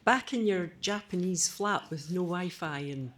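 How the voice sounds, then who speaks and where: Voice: mid-range voice, measured pace, a bit bright, slight background noise. An audience member at a live festival asking an earnest, probing question.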